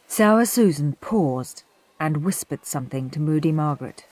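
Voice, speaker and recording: A woman narrating a children's story aloud in an expressive storytelling manner. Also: low-pitched, normal speed, dry recording. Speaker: audiobook narrator.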